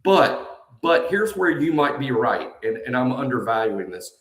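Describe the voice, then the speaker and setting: A man's voice: mid-range voice, very animated, a little slow. A man co-hosting a casual sports talk show, emphatic and often repeating himself. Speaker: co-host. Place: nearly empty house being moved out of. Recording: echoey empty room.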